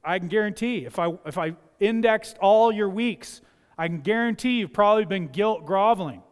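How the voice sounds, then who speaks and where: Male pastor preaching in a church, highish smooth voice, long echoey reverb, goes quiet then gets loud, acts out the voices he quotes. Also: moderate pace. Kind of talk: sermon. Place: church sanctuary.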